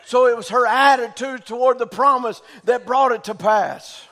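A man preaching a sermon in a fervent style that often rises to shouting. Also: very high voice, normal speed, hardly any pauses.

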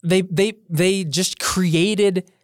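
A man's voice: high voice, fairly even intonation, very slow, no echo, studio quality. A man chatting casually as a podcast co-host, swearing freely and laughing often. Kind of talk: casual recap chat.

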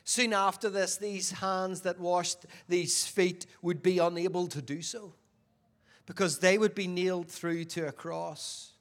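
High-voiced male preacher. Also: steady tone, measured pace. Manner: questions the audience, swings between loud emphasis and quiet. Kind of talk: sermon.

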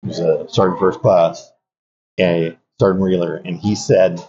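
A man's voice: sits low, fairly even intonation, normal speed, dark tone. An older man, an Army veteran, telling reflective stories in an interview, with frequent fillers and restarts. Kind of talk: conversational interview storytelling. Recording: dull lo-fi audio.

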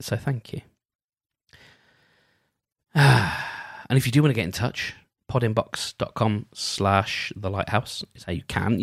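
A man chatting alone on his podcast in an easygoing, meandering way, often restarting his thoughts. His voice sits in a middle pitch. The sound is dry and close. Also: no echo. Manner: meandering, self-interrupting, gentle. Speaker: podcast host. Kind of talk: casual solo podcast chat.

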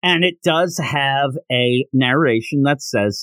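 A man's voice: mid-range voice, slow, few pauses, a bit bright, no room sound. A man hosting a podcast, reviewing a manga in a casual chat and retelling scenes with lots of fillers.

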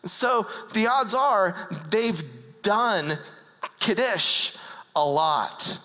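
A preacher tells a sermon as an earnest story, at an unhurried pace and in a bright, forward tone. Sentences often break off and restart mid-word. The voice carries a long reverb, as in a large hall. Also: mid-range voice, expressive.

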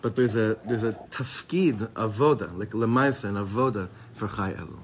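A man's voice: fairly low pitch, moderate pace, slight background noise. A man giving an informal Torah class to a group, talking casually with many restarts and Hebrew terms mixed in. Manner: casual and rambling, sprinkled with Hebrew and Yiddish terms; frequent restarts and fillers, chuckles often. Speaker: Chabad teacher giving a class.

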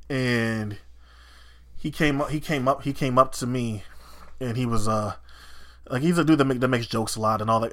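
Podcast co-host, male, fired-up rambling rant, bright forward voice. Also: medium pitch. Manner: heated, swearing, rambling with restarts. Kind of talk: casual chat.

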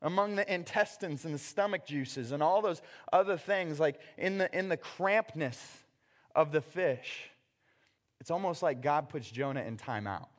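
A man in his thirties with a fairly high voice preaches in a casual, conversational way. He slips into acted-out scenes with sudden loud outbursts. The sound is a church hall with a long reverb trailing behind him. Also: animated, moderate pace. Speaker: pastor. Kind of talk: sermon.

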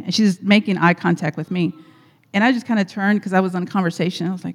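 A woman's voice: medium pitch, animated, fast, darkish tone. A woman telling a personal story at church, chatty and rambling with frequent laughs. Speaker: guest speaker at church. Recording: echoey hall.

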